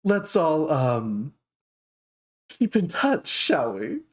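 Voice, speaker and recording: Man doing a high, gushing dark elf enchantress, posh and flirty, for a tabletop game. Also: huge pitch swings, drawn-out words, heavily acted. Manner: theatrical, drawling "darling".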